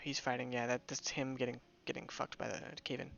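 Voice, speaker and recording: A man's voice: mid-range voice, little pitch movement, fairly quick, vocal fry, a bit bright, highs cut off. A young man chatting loosely while streaming a game, rambling with many restarts. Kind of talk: casual gameplay commentary.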